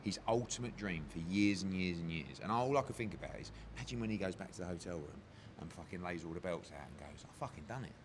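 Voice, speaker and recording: A man who works as a boxing promoter, talking candidly in a casual interview, animated and swearing freely as he tells stories. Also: low voice, fast, few pauses, a little hiss or hum. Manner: animated, heavy swearing, emotional storytelling.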